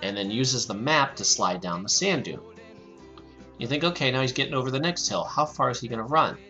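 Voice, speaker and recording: A man's voice: medium pitch, lively intonation, fairly quick, pushed and bright, dull audio, soft background music. A middle-aged man hosting a podcast, chatting casually and enthusiastically as he recaps an episode, often repeating phrases of delight. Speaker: podcast host.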